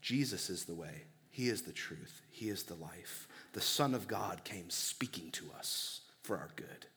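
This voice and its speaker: A man's voice: deep voice, animated, a little slow, bright, forceful tone, husky. A young man preaching a sermon as pastor, earnest and conversational, with casual fillers between points.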